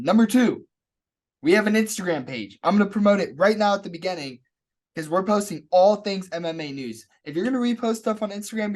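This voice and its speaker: A podcast co-host in casual chat, upbeat and joking while plugging the show. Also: mid-range voice. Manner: upbeat, jokey, plugs the show.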